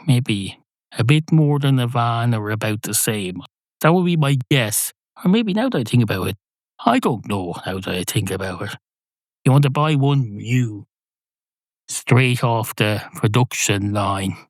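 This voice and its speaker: A man hosting a podcast, musing in a rambling, deadpan comic monologue. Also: fairly low pitch, no echo. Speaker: podcast host.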